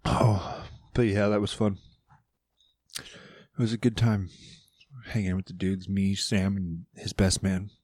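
A man's voice: low voice, flat delivery, takes it slowly, long pauses, a little mellow, no echo, studio quality. A man hosting his own podcast, rambling loosely and swearing casually, with playful asides. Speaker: podcast host. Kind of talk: casual solo podcast chat.

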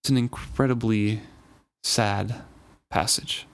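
A man's voice: fairly low pitch, fairly even intonation, takes it slowly, smooth. A man hosting a book discussion, reading passages aloud and talking through them earnestly. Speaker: podcast host discussing a novel. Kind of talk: casual chat and reading aloud.

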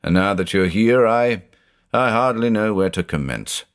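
A man's voice: lowish voice, expressive, normal speed, smooth, natural voice. A man reading a haunted older judge who talks in an intense, growling, confessional way. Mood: grave. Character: haunted, obsessive older male judge, brooding.

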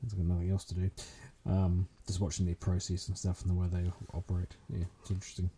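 Dark husky New man. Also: deep voice, monotone, fast. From New Zealand. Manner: hesitant, many fillers, self-deprecating. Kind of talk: casual chat.

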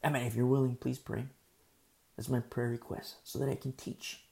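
A male pastor with a sore throat, teaching a Bible study in a conversational way, swinging between loud emphasis and soft, slow talk. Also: medium pitch, flat delivery, creaky.

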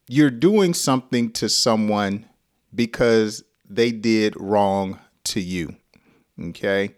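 A middle-aged American man teaching an English lesson on a live stream, playful, acting out example sentences. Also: lowish voice. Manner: slow, playful, acts out example lines with laughs.

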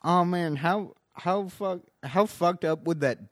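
A man's voice: high voice, takes it slowly, no room sound, clean studio sound. A man hosting a podcast, chatting loosely with frequent laughter and swearing. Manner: laughs often, loose and profane. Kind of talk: casual chat.

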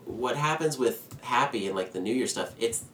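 A man co-hosting a casual podcast chat, joking and animated as he retells a show's plot. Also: mid-range voice, moderate pace. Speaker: podcast co-host. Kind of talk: casual chat reviewing a holiday special. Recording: roomy, distant mic, faint background noise.

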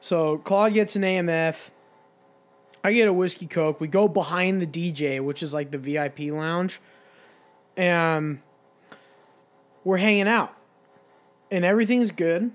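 High-voiced young man telling a profane story. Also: a little slow, long pauses. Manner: profane, rambling anecdote with quoted voices. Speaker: podcast co-host. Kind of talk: casual storytelling chat.

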